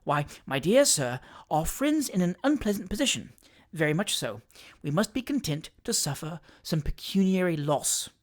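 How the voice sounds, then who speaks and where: Heard first is a fussy little attorney who keeps soothing and wheedling, as a reader puts him on for an audiobook. His pitch swoops up and down with lively ease. He is an ingratiating, bustling man of the law. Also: normal speed. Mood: coaxing. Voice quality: soothing, wheedling, keeps repeating "my dear sir". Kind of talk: audiobook character reading.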